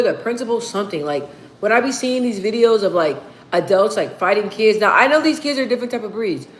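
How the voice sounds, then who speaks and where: A woman chatting casually with viewers, telling stories in a slangy, animated way. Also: on the high side. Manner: animated, slangy storytelling with acted-out quotes. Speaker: streamer answering viewer questions. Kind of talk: casual chat. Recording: roomy echo, faint background hum.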